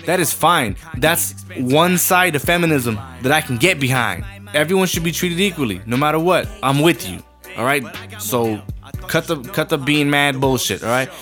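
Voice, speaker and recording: A man's voice: a little high, animated, moderate pace, pushed and bright, faint music behind. A man ranting casually and heatedly, swearing constantly, rambling and restarting his thoughts. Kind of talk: profane casual rant.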